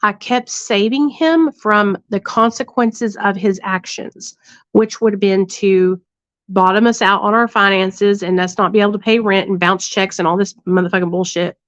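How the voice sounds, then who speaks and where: A woman's voice: medium pitch, fairly even intonation, moderate pace, dry recording. A woman hosting a livestream, telling a story to her audience bluntly and profanely, with lots of tag questions. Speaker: livestream host. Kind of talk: candid storytelling to a live audience. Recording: dull lo-fi dry sound.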